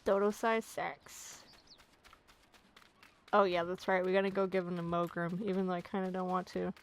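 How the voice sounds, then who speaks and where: A woman's voice: lowish voice, little pitch movement, moderate pace, slight background noise. Giggly woman commenting on a game. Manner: giggly, jokey, reacts to game dialogue. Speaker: gaming channel host. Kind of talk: casual let's play commentary.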